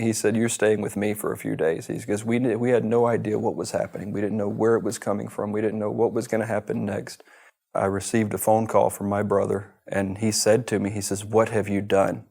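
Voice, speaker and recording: A middle-aged man from the United States recounts his story as an interview guest. His voice sits low and stays flat in tone. He speaks earnestly and tends to repeat himself when a memory stirs him. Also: fairly quick, creaky. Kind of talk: personal storytelling.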